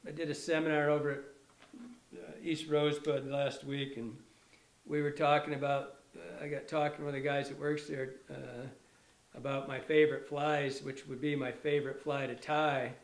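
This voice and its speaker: A middle-aged man ties flies at a fly shop bench, casually teaching as he goes. His fairly high voice is flat, at normal speed, in an echoey room, and he rambles eagerly, correcting himself and restarting sentences.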